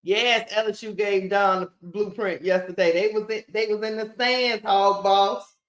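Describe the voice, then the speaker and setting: Slow-talking woman doing live game commentary. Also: mid-range voice. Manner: animated, casual, keeps calling out to viewers as y'all. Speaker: sports stream host. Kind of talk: live play-by-play watch-party commentary. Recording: roomy echo.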